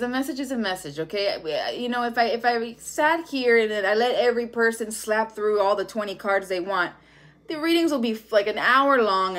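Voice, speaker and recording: A woman's voice: medium pitch, a bit bright. Brief: woman tarot reader, casual, blunt and profane delivery. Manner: blunt, profane, laughing often. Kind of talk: casual tarot reading to camera.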